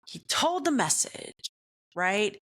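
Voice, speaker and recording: Animated woman host telling a candid story. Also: mid-range voice, slow. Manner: animated, confiding, frequent "right?" check-ins; blunt, swears casually. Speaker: podcast host.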